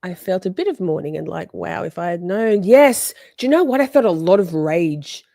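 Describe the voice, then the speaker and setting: Animated, swearing woman streamer. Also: on the low side, normal speed, creaky, dry recording, studio quality. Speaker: livestream host. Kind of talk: casual livestream chat.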